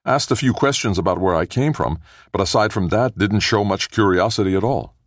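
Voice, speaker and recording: A man voicing an earnest, soft-spoken astronaut in an audiobook. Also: lowish voice, a little fast, no echo, clean studio sound, voice pushed up, lightly acted. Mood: cheerful. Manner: earnest, hushed. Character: man, an astronaut making first contact with aliens. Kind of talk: audiobook character voice.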